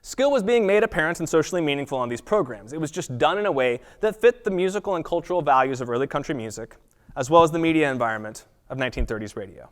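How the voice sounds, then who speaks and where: A man giving an academic lecture at a college, reading prepared text in a measured way and sometimes correcting himself. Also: a little high, animated. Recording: long reverb of a lecture hall.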